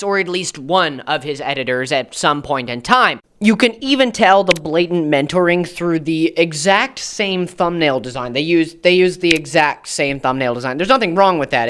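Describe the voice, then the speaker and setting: A man's voice: fairly high pitch, bright, forceful tone, clean tone. A young American man with an American accent ranting in a sarcastic, rambling commentary style with jokey asides. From United States. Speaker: commentary YouTuber. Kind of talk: commentary rant.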